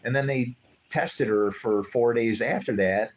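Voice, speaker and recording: A man's voice: medium pitch, a little slow. Rambling storytelling man. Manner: rambling, animated, acts out quoted voices. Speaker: guest telling his story. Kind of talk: casual conversational storytelling.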